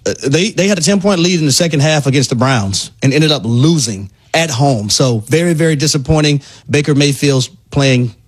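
Radio co-host dude, kinda high voice, emphatic, says stuff twice to stress it. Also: male voice, normal speed, hardly any pauses, breathy edge. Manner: emphatic, repeats words for stress. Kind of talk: sports talk radio analysis. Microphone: studio mic.

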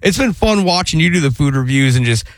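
A man's voice: fairly high pitch, expressive, brisk, no echo. Laid-back guy in a dry studio. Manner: easygoing, laughs often, says dude and like. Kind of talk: casual studio banter. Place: radio studio.

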